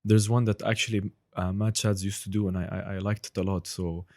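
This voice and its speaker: A man's voice: deep voice, a little fast. A man talking casually as a podcast guest, an impressionist who keeps saying "you know" and slips into voices. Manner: animated, breaks into impressions and accents; many fillers like "you know". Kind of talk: casual chat.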